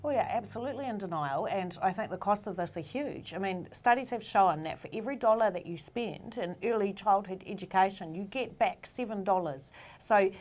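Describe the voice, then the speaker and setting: Earnest New Zealand woman commentator. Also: mid-range voice. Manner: brisk, earnest, with fillers. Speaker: political commentator guest. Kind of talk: studio discussion.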